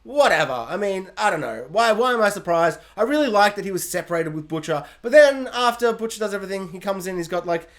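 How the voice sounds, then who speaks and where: Young man, TV reviewer, high voice, rambling, excitable, casual chat. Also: fast, hardly any pauses. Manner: rambling, excitable, lots of fillers. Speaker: TV show reviewer.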